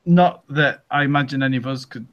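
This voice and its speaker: A man's voice: medium pitch, brisk, a bit bright, muffled recording. A man chatting casually in a group talk, hesitant and full of restarts. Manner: hesitant, lots of ums and restarts. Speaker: podcast co-host. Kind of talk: casual group chat over a call.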